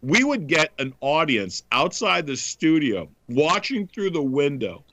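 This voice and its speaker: An enthusiastic male host reminisces with a ready laugh, his voice pitched a little high. The tone is bright and crisp, with no room echo at all. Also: very animated, measured pace. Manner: enthusiastic storyteller, laughs often. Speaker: podcast host. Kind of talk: casual chat.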